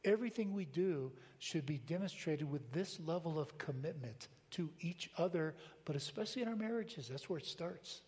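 An older man preaching a sermon to his church in a relaxed, conversational way, with anecdotes and frequent rhetorical questions. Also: a little high, normal speed, few pauses. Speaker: pastor. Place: church sanctuary. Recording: long hall reverb.

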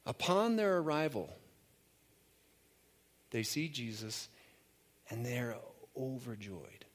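A man's voice: medium pitch, slow pace. A man preaching to his congregation in an easy, conversational way. He tells stories loosely and often restarts his sentences along the way. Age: adult. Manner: relaxed storytelling, loose with fillers and restarts. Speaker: pastor. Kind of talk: conversational sermon.

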